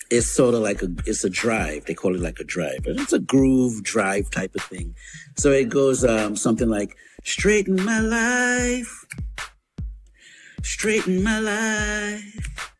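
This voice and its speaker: A male radio host who talks at an unhurried, drawn-out pace with a lowish voice, telling loose stories and circling back with fillers and restarts. His chat is easygoing and reminiscing. Soft music plays faintly underneath. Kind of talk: casual storytelling chat.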